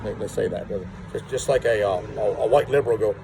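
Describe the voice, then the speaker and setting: A man's voice: fairly low pitch, fast, creaky, few pauses, mellow, slight background noise, poor audio. A man telling a rambling story to camera outdoors, repeating words and acting out what others said. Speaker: vlogger. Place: outdoors on rural property.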